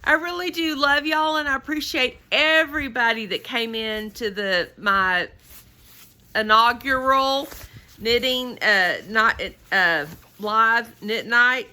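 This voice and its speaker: A woman's voice: on the high side, slow, bright, forceful tone. A woman hosting a casual knitting tutorial, chatty and rambling as she laughs at herself. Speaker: knitting channel host.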